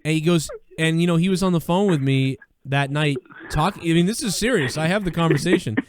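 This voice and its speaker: A man's voice: fairly high pitch, a little fast. A man hosting a call-in show, chatting casually with loose, profane storytelling and repeated phrases.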